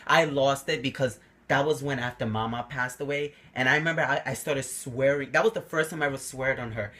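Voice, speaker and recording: A young man with a medium-pitched voice vlogs to camera at a brisk pace. He casually tells personal stories and animatedly acts out quotes, raising his voice for them.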